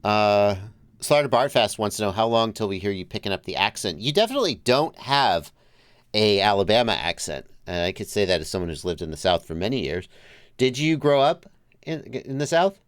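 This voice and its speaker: A livestream host with a low, smooth voice chats easily with his co-host. He laughs often and lets his sentences trail off softly. The sound is dry and close. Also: sing-song, a little fast, no echo. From Georgia, US South. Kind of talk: casual chat.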